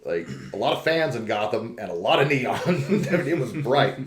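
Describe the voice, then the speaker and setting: A man's voice: medium pitch, lively intonation, moderate pace, crowd noise. A man co-hosting a podcast in casual chat, joking, laughing often and putting on mock outrage. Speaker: podcast co-host. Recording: roomy echo.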